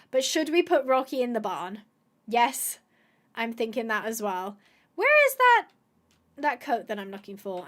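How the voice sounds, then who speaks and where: High-voiced chatty woman gamer. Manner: chatty and excitable, thinking aloud, many gasps and asides. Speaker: gaming video host. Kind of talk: casual gameplay commentary to viewers.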